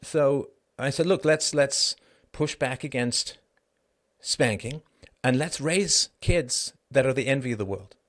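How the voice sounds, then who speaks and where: A middle-aged man, a guest in an interview, arguing his point emphatically with quick asides and restarts. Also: mid-range voice, a bit bright. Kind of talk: conversational interview monologue.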